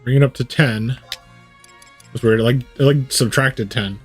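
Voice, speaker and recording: A man's voice: medium pitch, moderate pace, breathy edge. Man game streamer, rambles and thinks aloud, condenser mic, faint game music underneath. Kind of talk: casual live gameplay commentary. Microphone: studio USB condenser mic.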